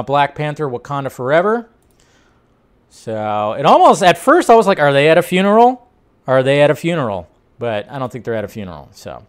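A man hosting a casual entertainment news talk, animated and rambling, laughing often. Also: mid-range voice, clean tone. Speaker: host.

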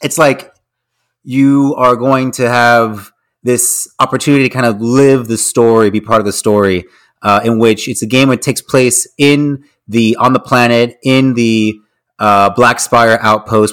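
A man co-hosting a podcast, reading out the news in a rambling, hedging way with many restarts. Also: fairly low pitch. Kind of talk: casual podcast chat.

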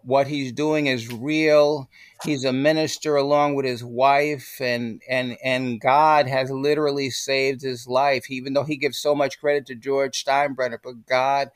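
At a measured pace and in a mid-range voice, an older man tells animated stories as a podcast interview guest, acting out every voice he quotes. The recording has clean studio sound and no echo.

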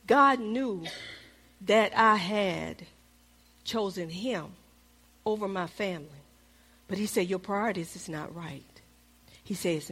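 A middle-aged woman preaching a sermon, calling out to the congregation and dropping at times to a hushed whisper. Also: medium pitch, lively intonation, takes it slowly, long pauses. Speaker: pastor.

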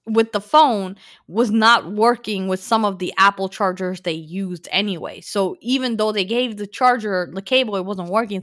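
Bright-voiced woman hosting a chatty podcast. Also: mid-range voice, no room sound, clean studio sound. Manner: animated, talks straight to listeners. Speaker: podcast host presenting news. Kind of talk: casual podcast chat. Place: lives in New York.

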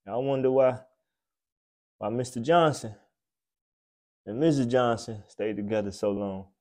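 Mellow-voiced man ranting and cursing. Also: measured pace. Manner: blunt, swearing, preachy, swings between loud outbursts and low mutters. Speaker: podcast host. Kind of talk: profane comedic rant.

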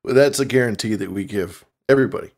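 A man's voice: on the low side, quick pace, a little mellow. A man co-hosting a podcast, chatting casually in an easygoing, rambling way. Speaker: podcast co-host. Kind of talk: casual chat.

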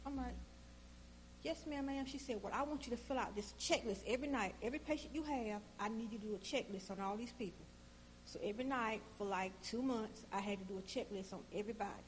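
A woman tells a personal story in casual conversation, speaking informally and animatedly as she acts out both sides of the exchanges. Her voice is a little high and fast, with slight background noise.

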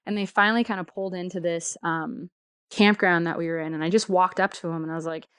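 A woman's voice: fairly low pitch, steady tone, fast, fairly bright tone, smooth, dry recording, clean studio sound. A woman telling a travel story in a casual, chatty way, full of fillers and laughter.

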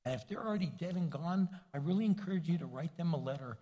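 An older man, a pastor, preaching a folksy, conversational sermon with homely stories, his husky voice carrying through a church sanctuary. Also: a little high, expressive, quick pace, dark tone. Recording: long reverb of a large hall.

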